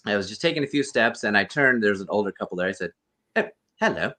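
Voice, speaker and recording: A man's voice: fairly low pitch, rapid-fire, sharp tone. A man, a guest actor and costume performer, earnestly telling a rambling story over a video call. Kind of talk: casual storytelling interview.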